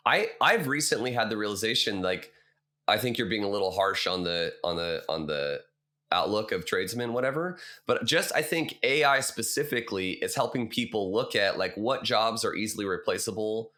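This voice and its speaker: A male podcast host with a low but bright, forceful voice talks in an earnest, thinking-aloud way. His delivery is casual and conversational. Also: moderate pace. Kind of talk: casual interview chat.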